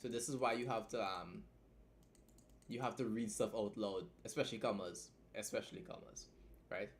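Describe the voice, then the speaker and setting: A man's voice: fairly low pitch, normal speed, slight background noise. A tired young man streaming a casual writing tutorial, chatty and loose, often tagging his points with "right?". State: tired from staying up long. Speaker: writing streamer teaching editing.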